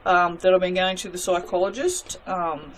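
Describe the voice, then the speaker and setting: A woman's voice: on the low side, fairly even intonation, moderate pace, a little hiss or hum. A woman chatting casually to her viewers while making soap, self-mocking and talking to herself as she works. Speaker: soap maker.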